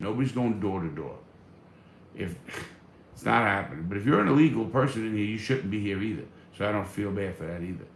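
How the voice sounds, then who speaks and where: Blunt gravelly man on a live stream. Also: lowish voice, fairly bright tone, echoey room, slight background noise. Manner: blunt, profane, fired up. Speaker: livestream host reading viewer comments. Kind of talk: casual live chat.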